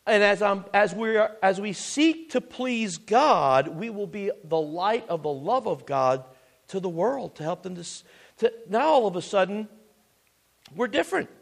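A man's voice: high-pitched, animated, a little slow, vocal fry. A man preaching a sermon as pastor, earnest and full of restarts and asides.

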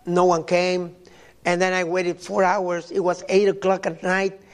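An older man from Mexico delivers a sermon, stopping often and repeating words as he tells personal stories. His voice sits high for a man and has a gravelly edge. He speaks at an unhurried pace. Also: completely flat delivery. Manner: halting, repeats words, storytelling. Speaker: preacher.

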